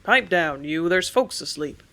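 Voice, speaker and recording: A woman doing a gruff, blunt sea-captain father. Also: a little high, expressive, a little slow, sharp tone, full character voice.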